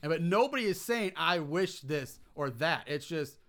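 A man's voice: fairly high pitch, animated, moderate pace, fairly bright tone. A man in casual chat, griping emphatically about a movie and repeating his point. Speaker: podcast co-host.

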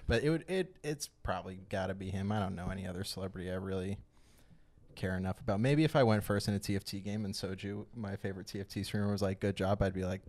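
A man's voice: sits low, fast talker, a little mellow. A young man co-hosting a podcast who talks in a laid-back way, trailing off and filling gaps with "like" and "um.". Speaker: podcast co-host, drummer. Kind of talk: casual chat.

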